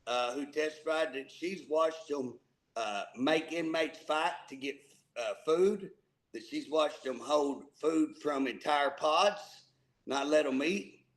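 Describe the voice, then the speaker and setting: A man's voice: a little high, slow, rough recording. A man co-hosting a casual political talk show, folksy and emphatic, often repeating words as he starts a thought. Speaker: co-host.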